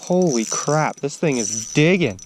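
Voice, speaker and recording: Excitable outdoorsman, slightly higher voice, casual running commentary, faint ambience. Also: a little slow, background noise. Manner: excitable, exclaims loudly when he lands a fish. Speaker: angler filming his fishing trip. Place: outdoors on a frozen lake.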